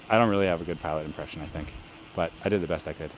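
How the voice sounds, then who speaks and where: A man's voice: sits low, rapid-fire, slight background noise. A man chatting casually on a live stream while riding a bike outdoors, laughing often and greeting viewers. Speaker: bike livestreamer. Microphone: camera rig on the bike.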